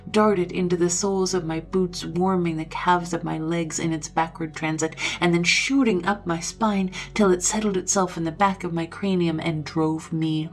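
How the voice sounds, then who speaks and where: A woman narrating a ghost story in a dramatic, scripted way, dropping to a hushed whisper at times. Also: on the low side.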